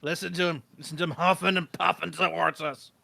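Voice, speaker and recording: A man's voice: fairly high pitch, fairly even intonation, fairly quick, vocal fry, sharp tone, no room sound. A man with a British accent chatting casually on a live stream, rambling and self-mocking with crude jokes. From Britain.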